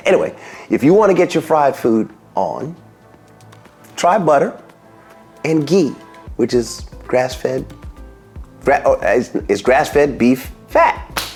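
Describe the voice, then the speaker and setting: Animated folksy man, faint music behind. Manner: animated, folksy, joking asides, pitch jumps high on emphasis. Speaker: dentist giving health advice. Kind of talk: casual talking-head health video.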